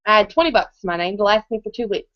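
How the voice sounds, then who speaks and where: A woman's voice: medium pitch, expressive, fast, no room sound. A woman in her thirties giving a live presentation, telling her story in a chatty way and often checking in with the audience. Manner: conversational, keeps checking in with the audience. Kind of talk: live motivational testimony. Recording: dull, muffled, dry recording.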